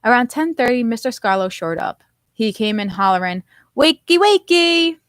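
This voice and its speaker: A woman's voice: medium pitch, brisk, clear, resonant tone, no echo. A woman author reading her own novel aloud in first person, narrating expressively.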